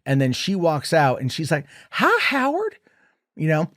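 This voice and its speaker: A man giving a casual, rambling film review, retelling scenes in an animated way. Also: fairly high pitch, normal speed, dry recording, studio quality.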